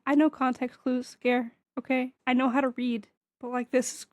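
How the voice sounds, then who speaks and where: A woman's voice: sits high, level tone, normal speed, no room sound. A woman co-hosting a comics podcast, speaking casually and emphatically and laughing often. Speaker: podcast co-host.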